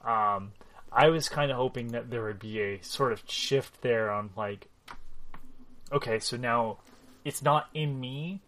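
A man telling a friend about a game he played, animated and loose with his swearing. His voice sits at an ordinary middle pitch. He acts out the lines as he goes. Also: a little slow. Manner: animated storytelling, swears freely, acts out quotes. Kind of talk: casual chat recapping a video game.

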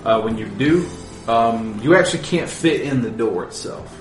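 A man narrating a tabletop game as game master, in a relaxed, low-key way full of little fillers. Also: normal speed, echoey room, soft background music.

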